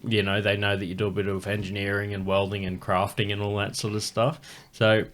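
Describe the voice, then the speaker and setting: A man's voice: on the low side, level tone, a little fast, fairly bright tone. A man with an Australian accent hosting a casual podcast, blunt and swearing freely. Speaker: podcast host. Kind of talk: casual chat.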